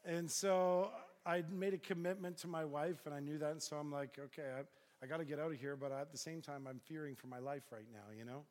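A middle-aged man gives a storytelling sermon and acts out every exchange with lively shifts in his voice. His voice sits a little high for a man. It rings out with a long reverb from a large hall. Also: brisk. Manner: animated storyteller acting out dialogue. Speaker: pastor.

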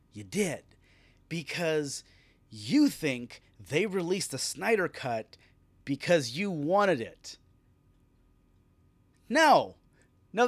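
A man's voice: a little high, husky. A man hosting a solo podcast, ranting with sarcasm and a lot of swearing. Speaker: podcast host.

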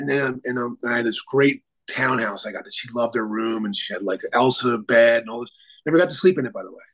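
A man's voice: medium pitch, brisk, a bit bright, poor audio. A male attorney talking as a guest in an interview, telling his story in an earnest, rambling way. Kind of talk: conversational interview.

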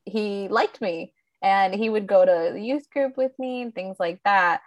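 A woman co-hosting a casual podcast, telling stories with lively, foul-mouthed energy. Her pitch sits in an ordinary middle range, and the recording is dry and close to the mic. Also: measured pace, no room sound. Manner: animated, profane storyteller. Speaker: podcast co-host. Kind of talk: casual chat, storytelling.

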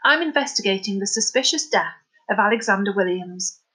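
A woman's voice: medium pitch, expressive, brisk, pushed and bright, husky, rough recording. A woman voicing a stern male police detective inspector who talks with menacing authority in an audiobook.

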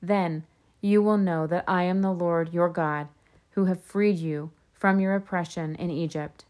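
A woman reading scripture aloud in a steady, measured way. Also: fairly low pitch. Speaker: scripture reader.

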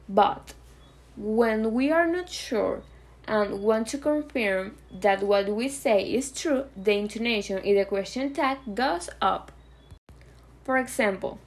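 Woman, fairly high voice, careful scripted lesson reading. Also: takes it slowly. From Venezuela. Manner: clear, carefully read explanations. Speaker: podcast host teaching grammar. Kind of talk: scripted educational podcast.

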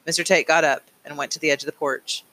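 A man narrating a novel aloud in a measured, plain storytelling manner. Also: fairly high pitch, steady tone, bright, forceful tone, poor audio. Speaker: audiobook reader. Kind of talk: audiobook narration.

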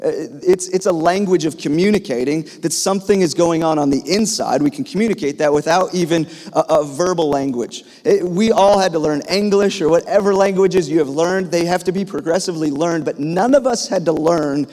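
A man's voice: fairly high pitch, a little fast, few pauses, mellow. Pastor man preaching in a reverberant hall. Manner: storytelling, with frequent fillers and restarts. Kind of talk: sermon.

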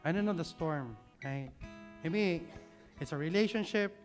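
With faint music behind him, a pastor speaks a little slowly through a slide-based sermon. He sinks his voice low for emphasis and has the congregation echo words back.

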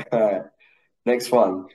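A man's voice: fairly low pitch, steady tone, very slow, mellow. A laid-back Australian man hosting a casual interview chat, bantering easily. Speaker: podcast host.

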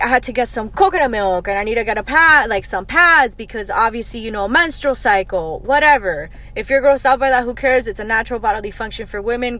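A young woman hosting her own podcast, telling a story as a casual rant in a blunt, profane and exasperated way, rushing ahead and then dropping into low muttered asides. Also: fairly bright tone. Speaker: podcast host.

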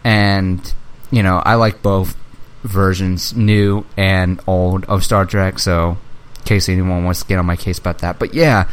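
Excitable young man geeking out, swearing. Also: low voice, unhurried, clear, resonant tone. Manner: excitable fan, swears freely, acts out movie lines. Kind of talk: casual chat.

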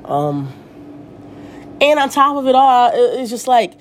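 A woman's voice: a little high, moderate pace, pauses often, slight background noise. A woman in her thirties, a podcast host, telling a story as a casual, rambling rant and swearing freely. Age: 30s. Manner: animated, profane, rambling storytelling.

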